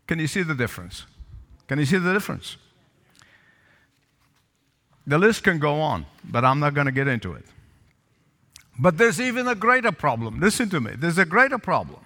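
A man's voice: sits high, sing-song, normal speed, long pauses, pushed and bright, in a large hall. A male pastor preaching a sermon, calling for responses from the congregation and repeating lines for emphasis. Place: church sanctuary with balcony.

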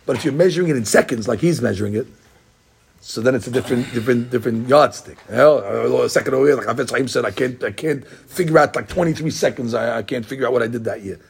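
A man's voice: mid-range voice, fast, gravelly, husky. A middle-aged man, a rabbi, gives an informal Torah class, talking conversationally with digressions and many restarts.

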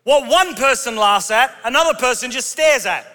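A man's voice: very high voice, lively intonation, moderate pace, sharp tone. A male pastor preaching a sermon to his congregation with humorous storytelling. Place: large church auditorium. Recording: long hall reverb.

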